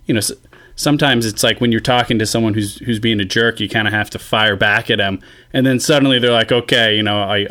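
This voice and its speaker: A man's voice: fairly low pitch, fairly bright tone. A man co-hosting a podcast, talking in a casual, reflective way and building his points with fillers. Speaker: podcast co-host. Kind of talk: casual discussion.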